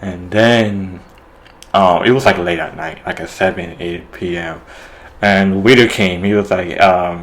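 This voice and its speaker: A man's voice: sits low, moderate pace, rough recording. A man casually retelling a TV episode, rambling with lots of fillers. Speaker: show reviewer.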